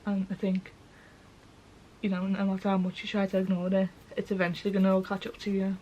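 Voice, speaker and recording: A woman's voice: medium pitch, monotone, brisk, warm tone, muffled recording, slight background noise. A young woman talks candidly to camera, sweary and tearful, often asking "do you know what I mean". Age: young adult. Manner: frank and sweary, with lots of filler questions. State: tearful, voice breaking. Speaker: vlogger. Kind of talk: casual talk to camera.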